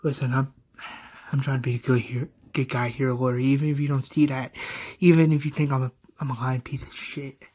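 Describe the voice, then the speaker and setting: A man's voice: mid-range voice, flat delivery, a little fast, a little mellow, highs cut off, close to an everyday voice. A man voicing a brooding male survivor in a retold story, speaking earnestly and pleadingly.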